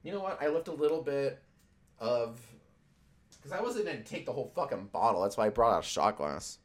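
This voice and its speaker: A man's voice: medium pitch, very animated, brisk. A young man chatting loosely on a stream, swearing often and rambling between jokes. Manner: profane, loose and joking, with many fillers. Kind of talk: casual rambling chat.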